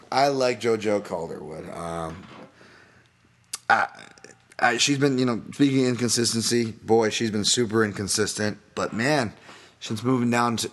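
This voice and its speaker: A man's voice: lowish voice, fairly bright tone. A man hosting a casual solo podcast, breaking down fights in a rambling, self-deprecating way with many fillers and restarts. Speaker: podcast host, fight analyst.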